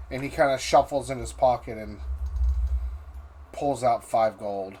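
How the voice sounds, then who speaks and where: A man narrating a tabletop game as game master, pausing and restarting often. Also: mid-range voice, darkish tone. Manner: halting, with restarts and fillers. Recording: faint background noise.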